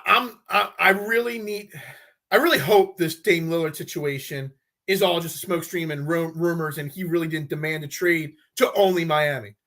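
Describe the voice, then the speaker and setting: A man's voice: high-pitched, fairly bright tone. A man hosting a casual live sports talk show, rambling and frustrated, often stumbling and restarting his sentences.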